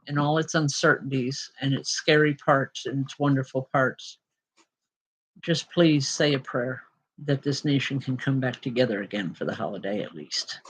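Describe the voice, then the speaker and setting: Over a little hiss or hum, a woman with a low voice hosts a show as a spiritual medium, giving live readings of spirit messages. She's talkative and apologetic, full of ums, with an occasionally emotional edge.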